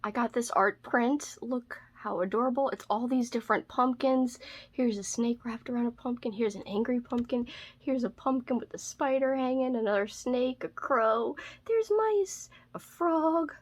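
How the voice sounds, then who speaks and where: A woman's voice: on the high side, moderate pace. A woman book vlogger chatting casually through a haul video, bubbly and gushing over cute things with a self-mocking streak.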